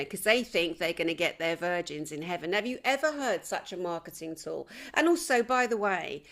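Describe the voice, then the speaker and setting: A woman's voice: fairly low pitch, fairly bright tone. A woman, a journalist and conference host, speaking emphatically straight to camera and repeating words for effect. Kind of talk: impassioned to-camera commentary.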